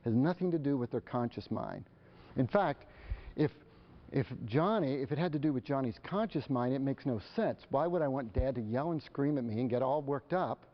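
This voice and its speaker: Man, mid pitch, live talk to parents, animated delivery, muffled lo-fi sound. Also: moderate pace. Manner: animated, acts out parent and child exchanges. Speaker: speaker on parenting. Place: lecture hall. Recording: dull lo-fi live recording.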